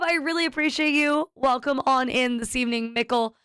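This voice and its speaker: A woman's voice: sits high, fairly quick, hardly any pauses, a bit bright, clean tone, no echo. A woman streamer chatting casually with viewers, rambling and cutting herself off mid-sentence as she tells a story. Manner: rambling, self-interrupting storyteller.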